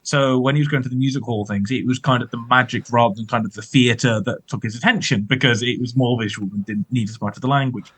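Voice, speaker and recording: A man's voice: medium pitch, steady tone, fast talker, few pauses, fairly bright tone, breathy edge, rough recording. A man chatting casually about film history as a podcast co-host, rambling with lots of fillers and hedges.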